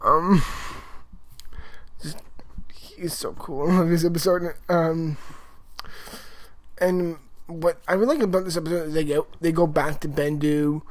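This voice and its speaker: A man giving a casual spoken review of a TV episode, rambling and excitable, with lots of fillers and restarts. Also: fairly high pitch, moderate pace, dry recording, poor audio.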